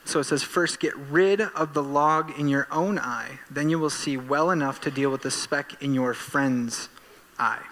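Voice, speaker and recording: A man preaching a church sermon as pastor, animated and self-deprecating, bursting into excitement while telling stories. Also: fairly high pitch, a little slow, in a large hall. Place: church sanctuary.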